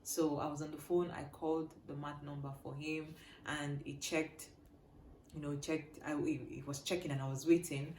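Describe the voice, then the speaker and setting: A young woman telling a personal story to her viewers, shifting between hushed and loud, animated delivery. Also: deep voice, moderate pace, roomy sound, a little hiss or hum. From Nigeria. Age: young adult. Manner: animated, swings from quiet to loud. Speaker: vlogger.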